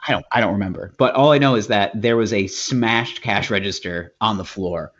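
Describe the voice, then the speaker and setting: A man with a low, husky voice rambles through a story for his podcast from home. He fills it with "like" and acts out the quotes. The sound is dull and lo-fi. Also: fairly quick, fairly bright tone. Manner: rambling, full of "like" and acted-out quotes. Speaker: podcast co-host. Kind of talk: casual storytelling chat.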